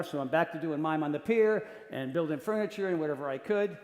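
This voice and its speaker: A man speaking in a voice on the higher side, animated and jokey, acting out the people in his stories. It rings through a large conference hall with a long, roomy echo. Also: fast, hardly any pauses. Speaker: keynote speaker. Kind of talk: storytelling talk to an audience. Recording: echoey hall with long reverb.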